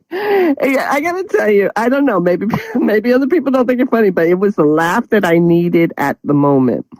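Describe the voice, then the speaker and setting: A woman's voice: medium pitch, big pitch swings, moderate pace, darkish tone, no room sound, poor audio. A woman hosting a show, telling a funny story in casual chat and laughing through her words. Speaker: show host. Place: studio.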